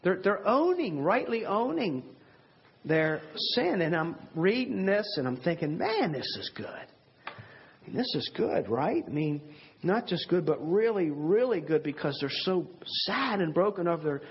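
A man's voice: high-pitched, very animated, unhurried, highs cut off, slight background noise. A man preaching a sermon in an earnest, conversational way with rhetorical asides. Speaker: pastor.

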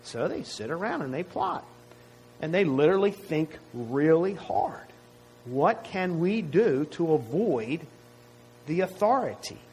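A man's voice: on the high side, a little mellow, slight background noise, low-quality recording. A man preaching a sermon to his congregation in a conversational way, often asking rhetorical questions. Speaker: pastor.

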